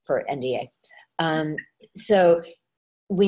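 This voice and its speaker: A woman who coaches dialects, chatting as an interview guest and jumping into quick acted examples as she explains. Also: mid-range voice. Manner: animated, acts out voices when giving examples. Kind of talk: casual interview chat.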